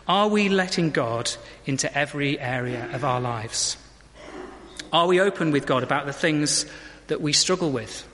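Guy giving a sermon, chatty, slightly high voice, echoey church. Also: a bit bright. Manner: conversational, asks the congregation questions. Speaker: preacher.

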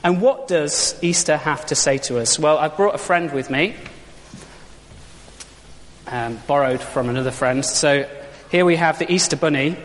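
A man delivers a sermon in a relaxed, conversational manner and leans on rhetorical questions. His voice sits a little on the high side. The sound carries a long reverb from a large church. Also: measured pace. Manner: informal, conversational, uses props and rhetorical questions. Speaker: preacher.

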